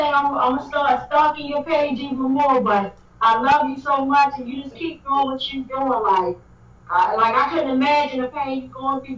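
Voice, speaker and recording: High-pitched woman host, effusive, repetitive; echoey, dull remote audio. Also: a bit bright, distant mic. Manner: effusive, repeats "like" and phrases. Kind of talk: casual supportive chat.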